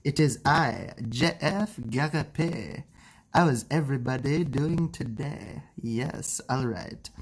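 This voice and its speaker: A man's voice: mid-range voice, slow pace, husky. A man putting on a French Canadian accent to play a self-important male political streamer, drawn out and theatrical. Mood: pompous. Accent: put-on French Canadian.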